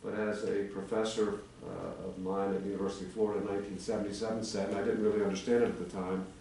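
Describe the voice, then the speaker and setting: Man, 60s, attorney at a town meeting, argumentative, lowish voice, distant mic in an echoey room with faint hum. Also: level tone, fast talker, mellow. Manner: argumentative, building a legal case. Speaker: attorney addressing town commission. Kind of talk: formal presentation at a public meeting. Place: town commission meeting chamber.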